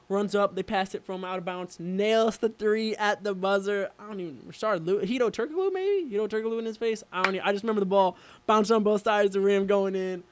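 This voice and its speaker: High-voiced excitable young man. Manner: excitable, rambling storyteller with many fillers. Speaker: radio show co-host. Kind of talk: casual sports chat.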